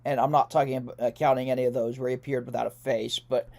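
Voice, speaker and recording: A man's voice: mid-range voice, flat delivery, fast, vocal fry, darkish tone. A young man hosting a casual commentary video, chatting loosely with frequent laughs, fillers and self-corrections as he ranks characters. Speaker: YouTube host ranking characters.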